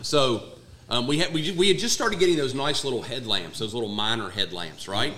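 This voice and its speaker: A man's voice: mid-range voice, expressive, a little fast, pushed and bright. A man who served as a Marine staff sergeant, telling a long war story in a casual chat and swearing freely. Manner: profane, laid-back storyteller. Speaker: former Marine platoon sergeant.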